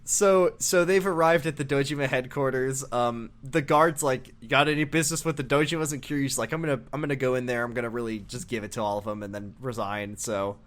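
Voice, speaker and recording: A man's voice: medium pitch, fairly even intonation, a little fast, few pauses. A man co-hosting a casual podcast, recapping a game and acting out characters' lines in silly voices. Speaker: podcast co-host.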